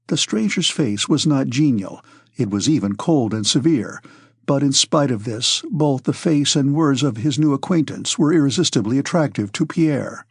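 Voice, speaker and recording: A man narrating a classic novel as an audiobook, in a measured, even storytelling manner, close to the mic. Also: mid-range voice, slightly rough, no echo.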